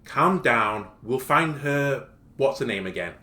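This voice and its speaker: A man voicing a calm, blunt teenage schoolboy who reassures and teases a scared classmate, in an echoey room. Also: mid-range voice, slow pace. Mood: firm reassuring.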